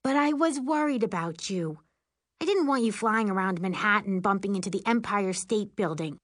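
A woman's voice: medium pitch, expressive, moderate pace, no room sound, studio quality, lightly acted. A woman voicing a fretful, nail-biting mother who is a witch. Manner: fretful, hesitant.

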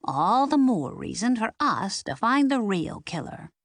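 A woman voicing a brisk older grandmother amateur sleuth who gives orders. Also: medium pitch, big pitch swings, dry recording, studio quality, pitched above the performer's own voice. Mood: commanding.

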